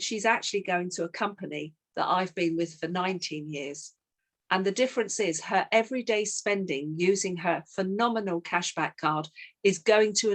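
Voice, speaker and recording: A middle-aged woman leading a team coaching session, telling a sales story and acting out both sides of the call. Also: fairly low pitch.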